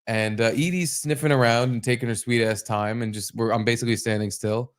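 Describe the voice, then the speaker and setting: A man co-hosting a casual podcast, telling stories in an animated way, swearing freely and acting out his own startled yelps. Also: medium pitch, a little fast, smooth. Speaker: podcast co-host. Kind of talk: casual chat.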